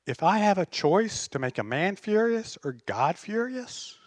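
A man's voice: high voice, big pitch swings, a little slow, no echo. A man preaching a sermon as pastor, passionate and emphatic.

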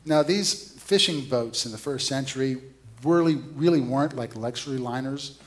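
A man's voice: mid-range voice, normal speed. Conversational man preaching a sermon. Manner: storytelling, asks the listeners questions.

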